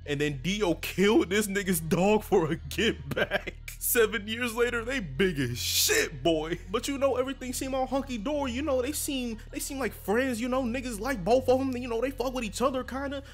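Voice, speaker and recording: A man's voice: very high-pitched, moderate pace, few pauses, faint music behind. A young man narrating a comedic anime recap in crude slang, cutting in and out of character voices.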